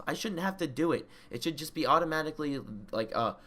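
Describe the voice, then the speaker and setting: A man's voice: fairly high pitch, animated, fast, few pauses, fairly bright tone. A young man co-hosting a casual podcast, ranting profanely and getting worked up as he talks. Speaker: podcast co-host. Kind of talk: casual chat.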